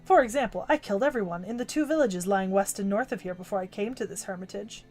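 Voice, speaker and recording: An actor playing a ruthless cursed warrior monk spirit in an anime dub, cold, boastful and mocking. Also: male voice, sits high, fast talker, darkish tone. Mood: gloating.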